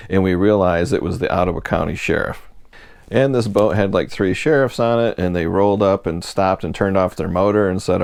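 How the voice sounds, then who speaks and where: A man from Michigan telling a personal story in a relaxed, self-deprecating way, chuckling at himself now and then. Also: sits low, vocal fry, no room sound.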